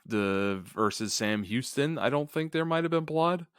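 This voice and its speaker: A man's voice: medium pitch, expressive, a little slow, clean tone, no room sound, studio quality. A man co-hosting a podcast in casual chat, joking and laughing often. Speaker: podcast co-host.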